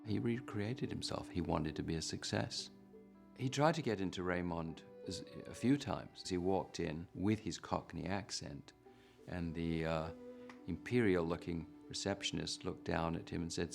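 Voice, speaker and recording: A man's voice: low voice, moderate pace, gravelly, darkish tone, soft background music. A man recounting another person's early struggles in a documentary interview, storytelling with emphasis.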